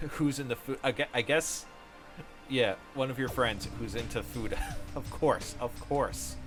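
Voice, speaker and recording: A man's voice: mid-range voice, measured pace, fairly bright tone. A man live-streaming a game, chatting casually, reading out viewer messages, often laughing and exclaiming. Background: game music.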